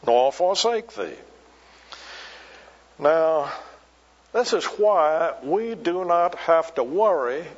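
A man preaching a sermon, slow and emphatic, repeating key words for weight. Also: a little high, breathy edge, big-room sound. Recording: dull lo-fi recording.

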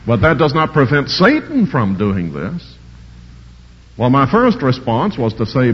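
A man's voice: medium pitch, wildly swooping pitch, a little slow, husky. A man preaching a sermon, emphatically repeating key words and explaining Greek grammar in a scholarly way. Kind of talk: sermon expounding scripture. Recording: dull lo-fi recording with long hall reverb.

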